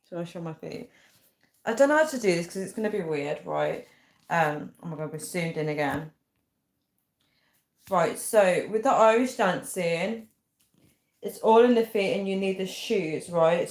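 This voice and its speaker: A young woman hosts a casual livestream in an echoey room, chatting, giggling, and reading viewer comments out loud. Her voice is on the low side and a bit bright.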